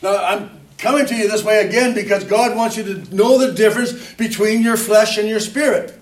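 Man, middle-aged, preacher, sermon, high voice, chatty and self-mocking, distant mic, roomy church echo. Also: moderate pace. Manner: conversational, self-mocking, frequent amens and hallelujahs. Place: church hall.

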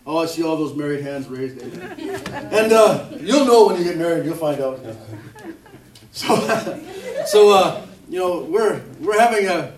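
A man's voice: a little high, sing-song, a little slow. A middle-aged man preaching a sermon in a church hall, talking in a loose conversational way and poking fun at himself, with plenty of amens and hallelujahs. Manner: conversational, self-mocking, frequent amens and hallelujahs. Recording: roomy echo, distant mic.

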